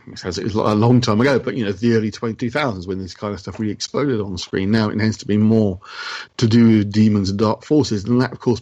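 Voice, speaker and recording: A man explaining his points at a measured pace as a guest on a radio discussion. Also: lowish voice, darkish tone, husky, no echo. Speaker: studio guest. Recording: dull, dry radio studio sound.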